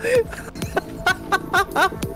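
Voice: very high-pitched, drawn-out words, bright, forceful tone. A gaming partner in casual chat who laughs hard and plays along. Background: faint lofi music.

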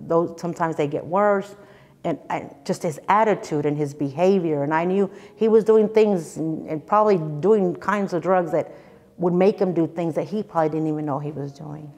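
A woman in her fifties tells her personal testimony in an earnest, emotional way, circling back and repeating phrases for emphasis. Her voice sits a little low. It rings with long hall reverb, with soft music underneath. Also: fairly even intonation, moderate pace, vocal fry. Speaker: church speaker sharing her testimony.

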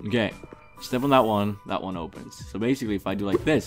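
A man's voice: on the low side, fast talker, soft background music. A young man giving comedic, mock-arrogant gameplay commentary, brash and swearing often. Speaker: gaming youtuber.

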